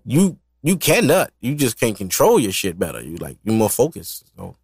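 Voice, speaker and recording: A man's voice: fairly low pitch, wildly swooping pitch, normal speed, a little mellow, slightly rough, dry recording. A man hosting a solo podcast in loose, profane, rambling casual chat, laughing often. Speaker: podcast host.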